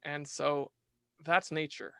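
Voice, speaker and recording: A man talking as a podcast guest in casual conversation, animated, restarting his sentences and asking "right?" often. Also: fairly high pitch, slow, gravelly, smooth, no echo.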